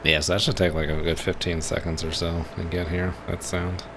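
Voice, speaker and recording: A man's voice: sits low, level tone, brisk, background noise. A man streaming a naval game, musing aloud in casual commentary. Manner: laid-back, musing aloud.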